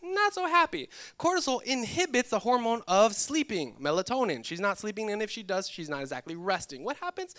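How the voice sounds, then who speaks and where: A young man preaching to a church crowd in a high, clear, ringing voice. He is lively and jokes with his listeners, teasing them as he goes. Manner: lively and joking, teasing the audience. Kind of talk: sermon. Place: church hall with live audience.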